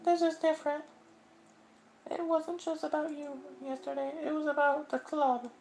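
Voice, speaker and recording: A sweet, high-voiced teenage girl from a visual novel game, bubbly on the surface but hiding sadness underneath, as a man puts her on in falsetto. Her voice sits far above a man's usual range, with a thin, airy tone that sounds nothing like his own. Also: little pitch movement, normal speed, creaky, a little mellow, a little hiss or hum. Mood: pleading.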